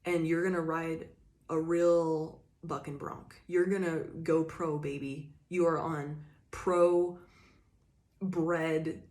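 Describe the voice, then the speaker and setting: A woman's voice: low voice, level tone, slow pace, a little mellow. A woman giving a casual tarot reading, talking straight to the viewer in loose, rambling sentences full of swearing and "you know.". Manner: emphatic, swears freely, addresses the viewer directly. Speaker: tarot reader.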